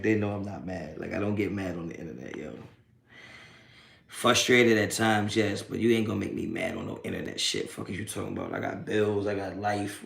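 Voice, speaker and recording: Profane streamer in an echoey room. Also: male voice, fairly low pitch, gravelly. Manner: profane, mocking trolls in chat, laughing often. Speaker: sports reaction streamer. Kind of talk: live post-game stream chat.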